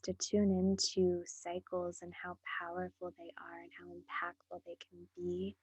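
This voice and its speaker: Breathy, slow-talking woman host. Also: fairly low pitch, no echo. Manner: soft, breathy and unhurried, drifting into near-whispers; earnest and encouraging, addressing listeners directly. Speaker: podcast host. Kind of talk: slow reflective monologue.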